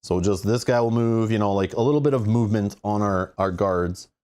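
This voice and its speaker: A man with a somewhat low voice talks his way through a solo board game on a live stream. He reads rules aloud and chats with viewers in an excitable, thinking-aloud manner. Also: fairly quick.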